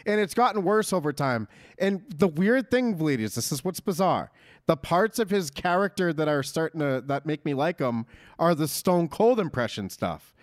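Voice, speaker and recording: A man's voice: fairly high pitch, lively intonation, normal speed, dry recording, studio quality. A man in his thirties co-hosting a casual wrestling chat, rambling and jokey with mock-announcer asides. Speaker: podcast co-host.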